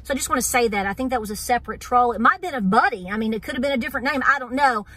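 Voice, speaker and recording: A woman's voice: a little high, rapid-fire, fairly bright tone, husky. A middle-aged woman with an East Tennessee accent, hosting a homestead vlog and talking earnestly and wound up to her viewers, dropping in y'all. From Southern Appalachia. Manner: earnest and wound up, repeats "so here's the deal", says y'all. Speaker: homestead channel host. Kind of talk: casual vlog talk to viewers.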